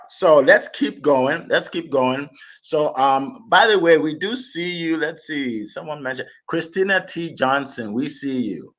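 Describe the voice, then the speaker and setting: A man's voice: mid-range voice, fairly bright tone. A man hosting an online meetup over a video call, upbeat and chatty, repeating his phrases as he introduces speakers. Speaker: host.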